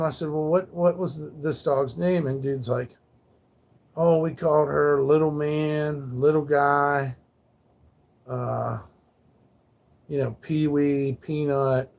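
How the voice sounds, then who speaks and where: A man's voice: fairly high pitch, fairly even intonation, slow, creaky. A man livestreaming, rambling and swearing as he talks about his late dog, grieving and sometimes thanking chat. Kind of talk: casual livestream talk.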